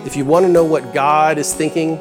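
Earnest young preacher in echoing hall. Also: male voice, a little high, fairly even intonation, fairly quick, over music. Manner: earnest, conversational, builds to bursts of emphasis. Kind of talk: sermon. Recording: echoey hall with long reverb.

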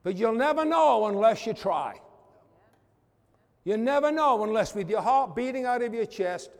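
Man, pastor, sermon, fervent, loud-to-hushed swings, high voice, echoing church hall. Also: expressive, normal speed.

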